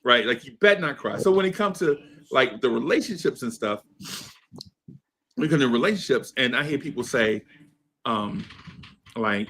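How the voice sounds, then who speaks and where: A man's voice: mid-range voice, lively intonation, moderate pace, pauses often, a bit bright. A man in his fifties telling a story in a laid-back podcast chat, laughing often and asking "right?" after his points. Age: 50s. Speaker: podcast co-host. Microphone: streamed podcast mic.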